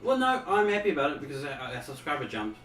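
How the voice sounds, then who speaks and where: A man's voice: fairly high pitch, big pitch swings, fast talker, a bit bright, faint music behind. A man hosting a casual podcast chat, rambling with lots of fillers and restarts. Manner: rambling, hesitant, full of fillers. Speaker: podcast host. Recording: echoey room, far from the mic.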